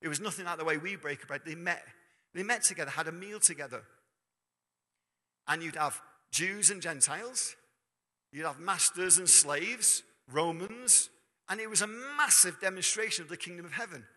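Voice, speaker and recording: A male preacher delivers a sermon in a ringing, sharply bright voice pitched a touch high. He keeps it conversational, throwing questions out to the congregation. His words hang in the long reverb of a church hall. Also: moderate pace.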